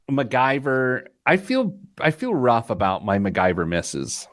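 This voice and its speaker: A man hosts a money podcast, cracking jokes. His mid-pitched voice swings widely. The sound is close and dry. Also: dry recording. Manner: joking, animated, quick asides. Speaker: podcast host. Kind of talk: casual chat.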